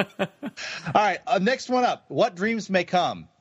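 A man's voice: sits high, huge pitch swings, drawn-out words, fairly bright tone, husky, no echo. A man co-hosting a casual chat podcast, laughing often and swearing casually. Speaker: podcast co-host. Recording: dry muffled lo-fi mic.

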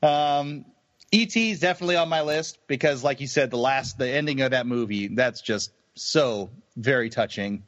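A man's voice: mid-range voice, normal speed, fairly bright tone, no echo. A man co-hosting a casual chat podcast, laughing often and swearing casually. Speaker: podcast co-host. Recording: dry muffled lo-fi mic.

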